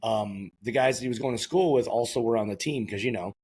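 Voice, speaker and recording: A man's voice: mid-range voice, fast, darkish tone, slightly rough. A man hosting a casual podcast, joking and teasing his guest in rambling sentences. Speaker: podcast host.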